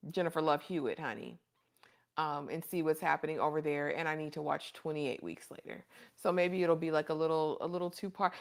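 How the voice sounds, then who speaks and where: A woman hosting a casual livestream, chatting and reading viewer comments in an affectionate, chatty way. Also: sits low. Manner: chatty and affectionate, calls viewers honey and baby. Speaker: livestream host.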